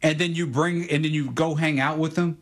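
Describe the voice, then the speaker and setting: Male co-host, easygoing and slangy, slightly high voice, chatty sports talk. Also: fairly even intonation, normal speed. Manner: conversational, uses slang, relatable analogies.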